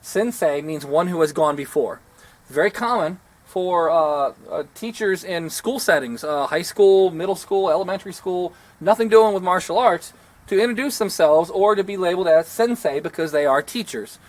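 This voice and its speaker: Outdoors, a martial arts instructor rambles through a lesson while poking fun at himself, his voice high and his pace ordinary. It's relaxed teaching talk.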